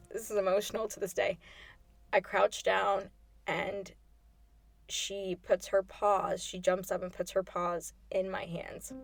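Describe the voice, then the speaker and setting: A woman's voice: mid-range voice, darkish tone. A woman hosting a podcast, telling a personal story in a casual, conversational way full of "like" fillers and quoted dialogue. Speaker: podcast host.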